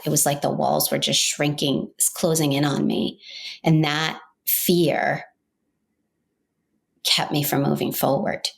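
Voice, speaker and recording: Woman podcast host, middle-aged, from Maine, low voice, gravelly, heartfelt personal storytelling. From Maine, United States. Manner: earnest, heartfelt and reflective, with restarts.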